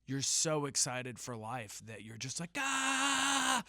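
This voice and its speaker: A young man hosting a solo podcast, telling rambling jokey stories and breaking into sudden loud yelps. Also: mid-range voice, a little slow, no echo, clean studio sound. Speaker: podcast host. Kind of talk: casual solo podcast rant.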